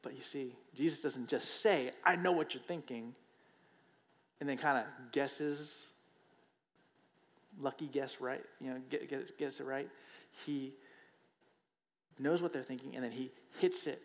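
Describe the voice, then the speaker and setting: A man's voice: medium pitch, fairly even intonation, unhurried, long pauses. A man preaching a sermon in a conversational way, often checking in with the listeners with a rhetorical question and repeating phrases for emphasis. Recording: long hall reverb.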